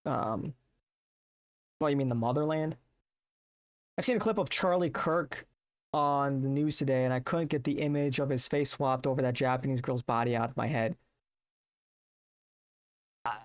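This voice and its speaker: A man's voice: mid-range voice, moderate pace, pauses often, no echo, clean studio sound. A man hosting a livestream, chatting casually, rambling and reacting to his chat with disbelief. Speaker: livestream host.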